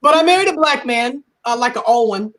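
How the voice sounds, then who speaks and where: A woman in her forties performing a stand-up comedy set on a live stage, animated and acting out dialogue in playful voices. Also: a little high, brisk.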